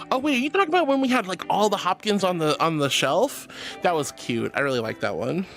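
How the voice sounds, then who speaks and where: A man streaming as a VTuber from home on a headset mic, reading chat aloud and answering with affectionate, playful warmth. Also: high voice, expressive, fast talker, soft background music. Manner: affectionate and playful, calls viewers sweetheart.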